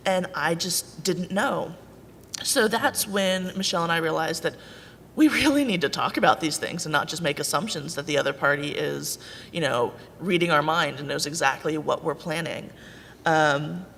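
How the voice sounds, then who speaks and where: A woman's voice: low voice, a bit bright. A woman, a birth mother on a panel, telling her personal story in a candid, wry, self-deprecating way. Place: conference hall. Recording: echoey hall with faint noise.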